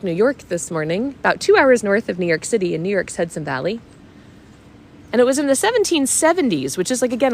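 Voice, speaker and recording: There's slight background noise behind this woman's medium-pitched voice. Hosting a walking-tour livestream outdoors on a village street, she's bubbly and chats with her viewers' comments despite being a little sniffly from a cold.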